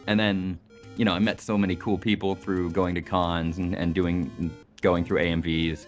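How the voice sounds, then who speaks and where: A man's voice: sits low, steady tone, moderate pace, faint music behind. A man being interviewed as a video editor, chatting casually, with lots of fillers and restarts as he rambles through his memories.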